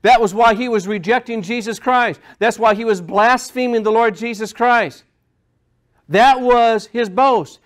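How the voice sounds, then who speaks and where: A man's voice: extremely high pitch, a little slow. A male pastor preaching a sermon, repeating phrases and building emphasis as he goes.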